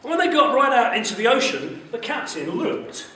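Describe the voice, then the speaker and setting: A man telling a Bible story to schoolchildren in an animated way, often asking them questions. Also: very high voice, normal speed. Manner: animated, asks the children questions. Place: school hall. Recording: echoey hall from far off, faint noise.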